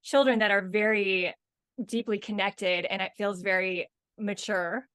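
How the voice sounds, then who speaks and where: A woman in her thirties co-hosts a podcast in a dry, close-miked sound. She has a mid-range voice and tells stories in an expressive, heartfelt way. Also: medium pitch, measured pace, clear, resonant tone, dry recording. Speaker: podcast co-host. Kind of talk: casual chat.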